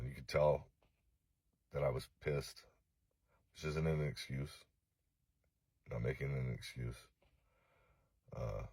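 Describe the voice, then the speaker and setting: A distraught man from Los Angeles making a halting, profane, remorseful apology video, full of fillers. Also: very deep voice, a little mellow, husky, no echo. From East Los Angeles.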